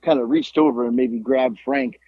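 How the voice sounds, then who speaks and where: A man co-hosting a podcast, telling a wrestling story in casual chat, animated and profane, rambling with lots of fillers. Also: mid-range voice, moderate pace, no room sound, narrow, tinny audio. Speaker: podcast co-host, former wrestler.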